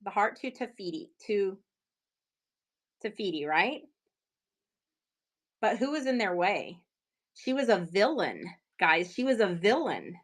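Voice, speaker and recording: A woman hosting a casual live stream to sell her handmade pieces, talking in a chatty, excitable way with plenty of fillers. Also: medium pitch, unhurried, pauses often.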